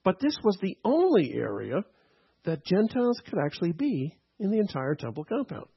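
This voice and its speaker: Male pastor, teaching sermon, slightly raised pitch, husky, muffled recording. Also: huge pitch swings, moderate pace. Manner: teaching tone, frequent "okay?" and "right?" checks.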